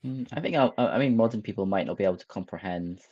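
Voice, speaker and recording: A man's voice: lowish voice, lively intonation, fast, a little mellow, no echo. A man on a discussion panel, chatting casually and tossing in joking quips. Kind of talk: casual chat. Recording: dull, dry lo-fi mic.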